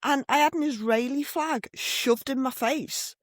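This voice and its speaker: A woman's voice: sits high, measured pace, no room sound. Scouse woman, middle-aged, chatty podcast cohost, swears a lot, dead dry sound. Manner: animated storytelling with blunt swearing. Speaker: podcast co-host. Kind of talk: casual chat. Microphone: desk microphone.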